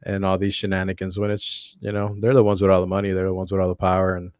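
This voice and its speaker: Podcast co-host, a man with a low, even voice, relaxed and dry. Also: fast talker, clear, resonant tone, dry recording. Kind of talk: casual chat.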